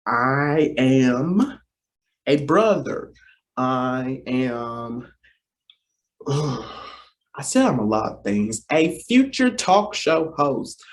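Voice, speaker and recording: A young man in his twenties talking casually to camera, rambling and repeating himself, teasing and apologizing, often calling out to "you guys". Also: medium pitch. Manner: playful, teasing then apologetic. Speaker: vlogger and talk show co-host.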